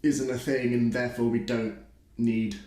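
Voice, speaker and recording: A man's voice: mid-range voice, little pitch movement, moderate pace, a little mellow, echoey room. A man doing comedic sketch commentary, arguing in a stammering, mock-earnest way.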